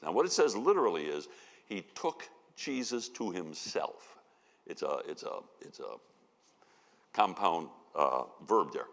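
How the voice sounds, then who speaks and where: Animated low-voiced man teaching a sermon. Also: gravelly. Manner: animated storytelling with folksy asides. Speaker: Bible teacher. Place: church sanctuary. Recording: long reverb of a church hall.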